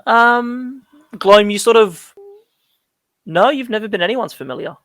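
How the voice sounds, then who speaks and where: Dm guy narrating, kinda higher voice, rambles a lot with ums, dry mic. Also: expressive, unhurried, a bit bright, dry recording. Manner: rambling, searching for words, filler-heavy. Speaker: dungeon master. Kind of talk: narrating a tabletop game.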